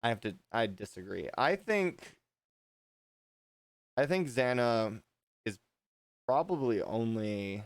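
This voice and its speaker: Man with a smooth, dry voice. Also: mid-range voice, animated, slow pace, long pauses, no echo. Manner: rambling, restarts often, swears casually. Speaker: livestream host. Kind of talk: casual livestream chat.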